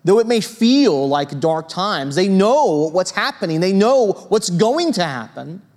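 A man preaching a sermon in a church, conversational and lively, with a storytelling manner and frequent asides to his listeners. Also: high voice, unhurried. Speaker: pastor.

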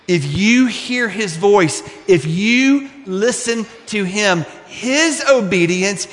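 Earnest high-voiced male preacher. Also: fairly bright tone, in a large hall. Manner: earnest, pleading, with rhetorical questions. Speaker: pastor. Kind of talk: sermon.

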